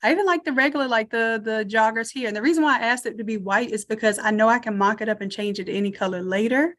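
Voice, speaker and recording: A woman leads a live screen-share tutorial in a fairly high voice. She talks casually and thinks out loud, narrating each click as she goes and inviting her viewers to chime in. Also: quick pace. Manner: chatty, thinks aloud while working. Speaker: online design instructor.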